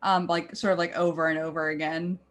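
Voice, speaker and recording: Chatty woman at the game table, somewhat low voice. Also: little pitch movement, a little fast. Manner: chatty, lots of 'like'.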